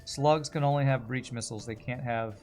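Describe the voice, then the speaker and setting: A man's voice: medium pitch, fairly quick, a little mellow, faint music behind. A man streaming a strategy game, chatting casually and answering viewers' comments while he plays. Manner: chatty, reads and answers chat while playing.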